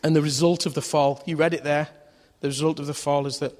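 A man's voice: fairly high pitch, fairly even intonation, fast talker, darkish tone. A man preaching a sermon in a conversational way, asking his listeners questions and acting out voices in his stories. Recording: long hall reverb.

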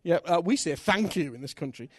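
A man preaching a sermon in an animated, candid way, with self-mocking humor. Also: on the high side, a little fast, breathy edge. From Britain. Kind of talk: sermon with personal storytelling.

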